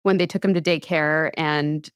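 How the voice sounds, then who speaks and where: Chatty American woman, smooth dry voice. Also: low voice, fairly even intonation, normal speed, dry recording. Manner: chatty, laughs often, lots of "like". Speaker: podcast host telling a science history story. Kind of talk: casual podcast storytelling.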